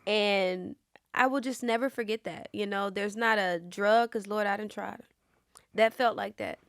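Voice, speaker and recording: A woman, an actress, chatting in an interview and telling stories in an animated way, full of fillers and acted-out quotes. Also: mid-range voice, moderate pace, dry recording, studio quality. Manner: animated storyteller, many fillers, acts out quotes. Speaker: actress guest. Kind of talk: casual interview chat.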